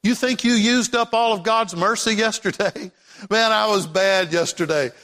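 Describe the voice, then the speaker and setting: A man's voice: sits high, normal speed, fairly bright tone. A man preaching a sermon as pastor, praying and then building to emphatic, repeated lines. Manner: impassioned preaching, rising to emphatic repetition. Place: church sanctuary. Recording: long hall reverb.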